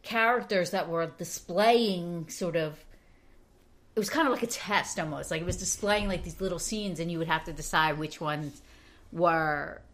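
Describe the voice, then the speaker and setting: A woman's voice: fairly low pitch, moderate pace, a bit bright. A woman in casual conversation, thoughtfully giving her views with many hedges and fillers. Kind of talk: casual book discussion.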